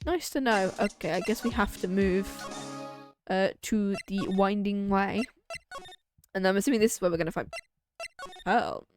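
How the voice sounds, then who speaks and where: A young woman streaming a game, reading its dialogue aloud and chatting with quick reactions. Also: mid-range voice, over music.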